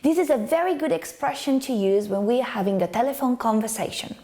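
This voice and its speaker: A woman explains English expressions in a bright, high register. Her pitch moves a lot as she acts out each example line. She speaks clearly and with care, like a teacher showing you how to say it. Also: expressive, fast. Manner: clear, demonstrative, acting out example phrases. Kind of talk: scripted lesson narration.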